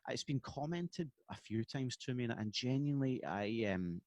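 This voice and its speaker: A Scottish musician chatting on a podcast over a video call, rambling with many restarts and easy laughs. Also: male voice, medium pitch, animated, normal speed, darkish tone, dry recording, dull audio. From Scotland. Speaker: guest musician. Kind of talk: casual podcast chat.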